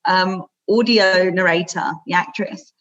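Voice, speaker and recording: A woman from talks in an animated way, laughing easily between quick runs of words. Her voice sits on the low side. The audio is dull and lo-fi. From London, England. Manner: animated, laughs often, fast bursts. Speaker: guest author. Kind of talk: casual interview chat. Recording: dull lo-fi sound.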